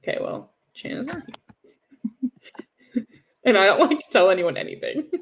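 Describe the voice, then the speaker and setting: A woman's voice: on the high side, lively intonation, unhurried, slight background noise. A young woman co-hosting a livestream, chatting casually and sarcastically about hockey with frequent laughs. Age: young adult. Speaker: podcast co-host.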